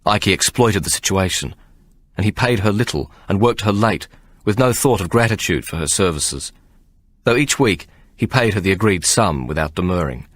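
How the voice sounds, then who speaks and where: Low-voiced man narrating an audiobook. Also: no echo. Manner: measured, expressive storytelling. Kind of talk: scripted narration.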